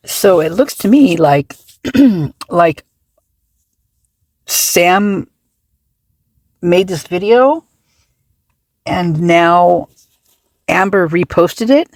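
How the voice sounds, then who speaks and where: A woman's voice: lowish voice, animated, extremely slow, long pauses, darkish tone, no room sound. A woman hosting a casual reaction commentary, talking in an indignant, agitated way with many restarts and trailing fillers. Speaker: true-crime commentary channel host.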